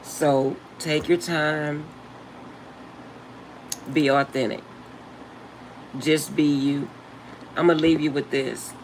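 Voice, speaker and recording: Slow, laughing older vlogger. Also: medium pitch, fairly even intonation, a little hiss or hum, poor audio. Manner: emphatic, laughs often, slangy and blunt. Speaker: channel host. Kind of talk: casual spiritual advice vlog.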